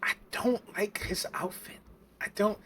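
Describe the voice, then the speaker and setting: A man's voice: high voice, unhurried, a bit bright. A man co-hosting an anime podcast, chatting casually and rambling with lots of fillers and restarts. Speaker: podcast co-host. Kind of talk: casual anime review chat.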